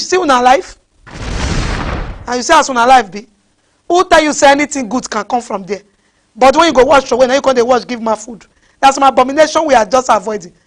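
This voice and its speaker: Speaking in a high register, a Nigerian-accented woman delivers a fiery sermon. She scolds her listeners, firing off one rhetorical question after another.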